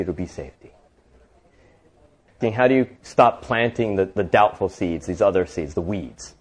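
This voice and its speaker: A man hosting an inspirational talk as an animated storyteller, full of casual fillers. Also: fairly low pitch. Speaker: host.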